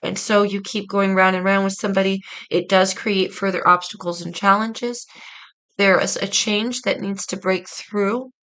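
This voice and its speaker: A woman's voice: medium pitch, fairly even intonation, moderate pace, fairly bright tone, clear, resonant tone, poor audio. A woman reading tarot cards for her viewers in a casual, earnest, reflective way, speaking straight to them. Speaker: tarot reader.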